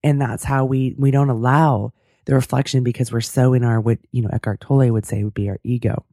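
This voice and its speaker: Woman host, hoarse and cracking, low gravelly and dark, thoughtful solo talk. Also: fairly even intonation, fairly quick, no echo, studio quality. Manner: earnest, thoughtful, self-deprecating. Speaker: podcast host. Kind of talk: casual interview chat and solo reflection.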